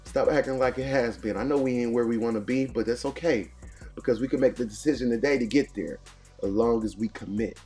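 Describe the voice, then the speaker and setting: A man's voice: medium pitch, a little fast, mellow, soft background music. A man hosting a morning motivation show, preaching in punchy, repeated lines. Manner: preachy, punchy call-and-response cadence. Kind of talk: motivational talk.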